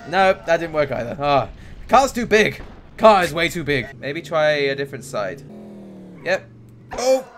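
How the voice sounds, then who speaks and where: Excitable high-pitched gamer guy laughing. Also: a little slow, long pauses, soft background music. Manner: excitable, laughing, groaning and cheering. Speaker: gaming YouTuber. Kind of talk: let's play commentary.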